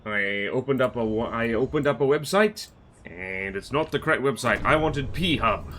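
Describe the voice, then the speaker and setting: A man's voice: mid-range voice, animated, moderate pace, a bit bright, a little hiss or hum. Man streaming playful Australian chatter. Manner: playful, self-mocking, chatty, hums to himself. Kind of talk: casual live-stream chat while working.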